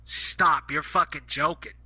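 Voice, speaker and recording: Co-host, male, very bright and sharp tone, blunt and slangy. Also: on the high side, steady tone, unhurried, husky, low-quality recording. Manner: blunt, swearing, dismissive slang. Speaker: podcast co-host. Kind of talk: casual podcast chat.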